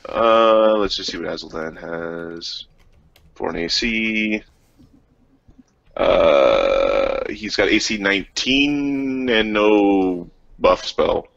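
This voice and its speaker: A man with a low, gravelly voice chats casually at a tabletop game, swearing freely, his pitch moving a lot. The sound is dull and a little lo-fi, with faint noise. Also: lively intonation, slow pace, a bit bright. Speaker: player.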